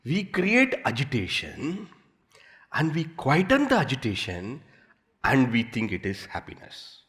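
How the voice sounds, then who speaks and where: A man's voice: mid-range voice, measured pace. A man with an Indian English accent giving a spiritual discourse, telling everyday stories with playful repetition. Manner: animated storytelling with playful repetition. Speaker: swami, spiritual teacher.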